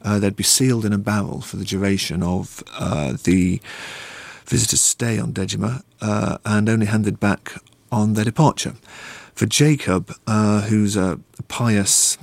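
A low-voiced man talks as an author in an interview, reading a passage and then explaining it. He speaks thoughtfully, with many ums and pauses. The recording is dry and close. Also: vocal fry, no room sound. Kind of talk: interview answers and book reading.

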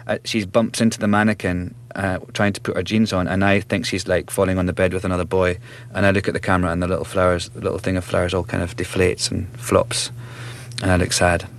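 A man in his thirties with a Scottish accent, an actor chatting as an interview guest, self-mocking and quick to laugh. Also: low voice, flat delivery, creaky. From Scotland. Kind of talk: relaxed interview chat.

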